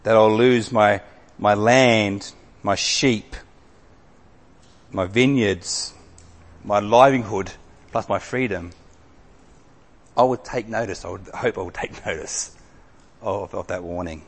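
A man preaching a sermon, reading scripture with dramatic emphasis, swinging from loud, raised lines to hushed, slow drops. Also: fairly low pitch. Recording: long hall reverb.

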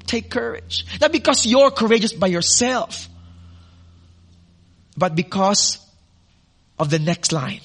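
Male pastor, high bright voice, expressive sermon with questions to the room. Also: takes it slowly, pauses often. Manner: expressive preaching with rhetorical questions and audience asides.

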